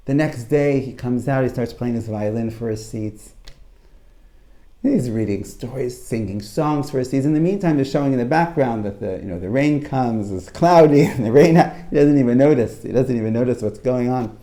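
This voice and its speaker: Mellow-voiced man teaching Torah. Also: mid-range voice, normal speed. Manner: animated storyteller, repeats phrases, many restarts. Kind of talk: Torah talk to a live audience.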